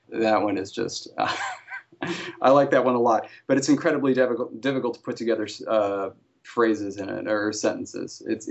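Gravelly-voiced man, hesitant and chatty. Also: lowish voice. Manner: hesitant, many restarts and fillers. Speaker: alien language and culture consultant for a TV series. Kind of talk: casual interview answers. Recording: dull lo-fi sound.

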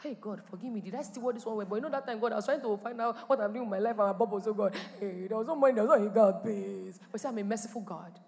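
A woman pastor, preaching a sermon with animated delivery and sudden loud exclamations. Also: medium pitch, rapid-fire, gravelly, hardly any pauses, big-room sound. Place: church hall.

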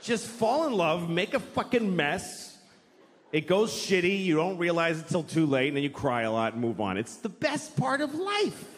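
A man's voice: high voice, big pitch swings, moderate pace. A man doing stand-up comedy on a large stage, ranting in a profane, exasperated way. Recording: long hall reverb, faint noise.

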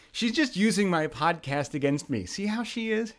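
A man's voice: high voice, expressive, normal speed. A young man hosting a podcast, laid-back and laughing often in casual chat. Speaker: podcast host.

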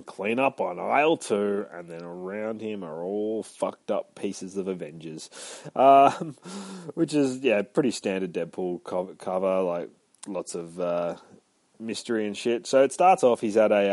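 A man with a lowish voice chats through a comic book review at an easy, rambling pace. He swears freely and gets animated when retelling scenes. The sound is close and dry. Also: no room sound.

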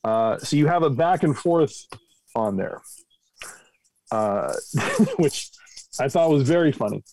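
A man co-hosting a casual podcast, recapping the news in a relaxed, conversational way. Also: a little high, slow pace, poor audio. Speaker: podcast co-host.

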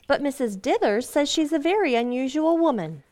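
An actress playing a gentle, patient young wife and mother who soothes everyone, in 1940s radio acting. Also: high-pitched, animated, normal speed, a little hiss or hum. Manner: gentle, soothing, calling people dear.

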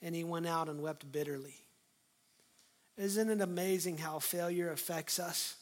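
A middle-aged pastor delivers a sermon in a fairly high voice. He acts out scripture dialogue with feeling and drops to a hush before building back up to loud, emphatic lines. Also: steady tone, a little slow.

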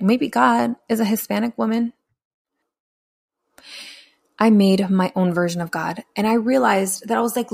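A woman's voice: mid-range voice, gravelly. A young adult woman telling her own story candidly and bluntly, with profanity and acted-out quotes. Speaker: speaker sharing her story.

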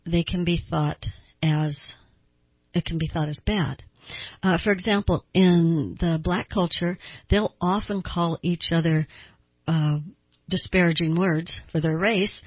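Chatty husky woman on talk radio. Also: on the low side, no room sound, highs cut off. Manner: chatty, explanatory, acts out quotes with a raised voice. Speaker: radio talk host and counselor. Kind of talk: conversational talk radio monologue.

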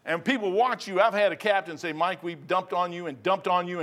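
A man's voice: sits high, moderate pace, a bit bright. A middle-aged man preaching a folksy, conversational sermon full of asides as a pastor.

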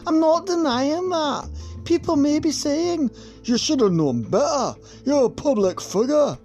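A man doing an impression of a flustered, defensive Scottish woman politician, in a high, strained mock Scottish accent. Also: lively intonation, a little slow, darkish tone, soft background music, full character voice.

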